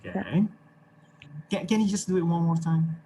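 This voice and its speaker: A man's voice: a little high, steady tone, normal speed, warm tone, slight background noise. An Indonesian man with an Indonesian accent teaching an English class over a video call, encouraging and chuckling often as he explains.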